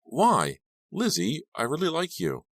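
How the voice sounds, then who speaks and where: A man's voice: sits low, very animated, brisk, dry recording, clean studio sound, voice pushed up. A man voicing a pushy, creepy teenage boy who talks in a wheedling, nervous, sing-song way.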